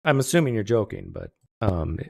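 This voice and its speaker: A man with a lowish, creaky voice and big pitch swings speaks at a moderate pace into a desktop streaming mic. He's hosting a casual livestream from his home setup, cracking sarcastic jokes as he wrestles with his microphone settings.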